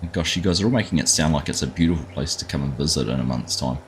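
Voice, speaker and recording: A man's voice: extremely low pitch, quick pace, slight background noise. A middle-aged Australian man hosting a live gaming stream, chatting casually and greeting viewers by name, often calling them mate. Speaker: livestream gaming host.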